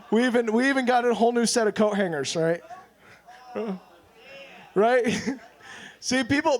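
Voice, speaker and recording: A man in his twenties doing a self-deprecating stand-up set at an open mic. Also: high-pitched. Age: 20s. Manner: deadpan, self-deprecating, with quoted voices. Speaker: stand-up comedian.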